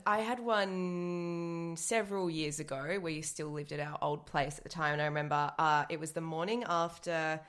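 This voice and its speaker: A woman hosting a podcast, chatting casually and telling stories with quick agreeing replies. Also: deep voice, little pitch movement, fairly bright tone. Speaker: podcast host. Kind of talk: casual chat.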